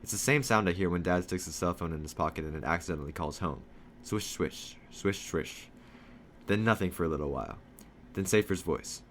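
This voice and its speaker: Low-voiced man reading a novel aloud. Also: fast, slight background noise. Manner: steady first-person storytelling, voicing dialogue lightly. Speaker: reader of a children's novel.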